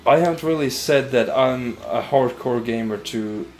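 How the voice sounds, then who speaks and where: A man's voice: mid-range voice, normal speed, a little mellow, soft background music. A young man chatting casually while playing a video game, rambling with frequent restarts. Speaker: let's play host. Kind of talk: casual gaming chat.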